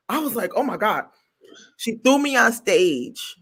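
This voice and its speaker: A woman's voice: on the high side, unhurried, slightly rough. A woman comedian from New Jersey telling a story in casual chat, acting out the voices of the people in it. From New Jersey, USA. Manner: animated, acts out quoted voices; stutters at times. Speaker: comedian guest.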